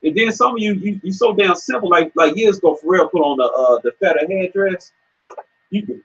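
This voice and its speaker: A fiery man with a husky, slightly high voice preaches in a scripture discussion, stammering and swearing as he pushes his point. The recording is dull and lo-fi, with a muffled top end. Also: a little fast. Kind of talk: heated street preaching chat. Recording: dull lo-fi sound.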